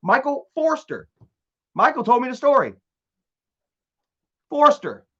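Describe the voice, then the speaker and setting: A young man with a fairly high voice rambles through a casual live stream, reading viewer comments aloud. He stumbles, repeats himself and restarts his sentences. The sound is dull and lo-fi. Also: sing-song, takes it slowly, bright, forceful tone, slightly rough.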